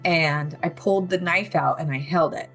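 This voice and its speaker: Young adult woman guest, lower pitch, recounts her ordeal frankly with light nervous laughs; soft music bed. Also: normal speed. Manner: candid, vivid retelling with nervous laughs. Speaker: guest telling her survival story. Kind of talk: personal story in an interview.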